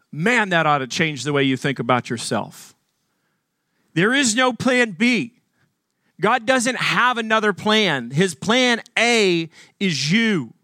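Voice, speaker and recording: A man's voice: a little high, pushed and bright, dry recording, studio quality. A man from Arkansas preaching a sermon as pastor, earnest and emphatic, asking the congregation questions.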